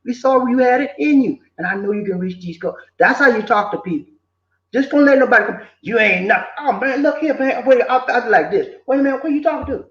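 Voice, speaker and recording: An older man gives casual, preachy life advice, animated and repetitive. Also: very high voice, fast talker. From southern United States. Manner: preachy, animated, repeats himself, slips in quoted voices. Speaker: vlogger giving life advice. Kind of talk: casual motivational talk. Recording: echoey room, dull lo-fi sound.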